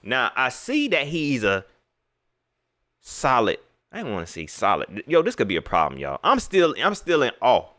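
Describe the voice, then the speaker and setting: Animated, slangy sports talk host. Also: male voice, medium pitch, moderate pace. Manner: animated, slangy, repeats himself, talks straight to viewers. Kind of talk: casual livestream sports talk.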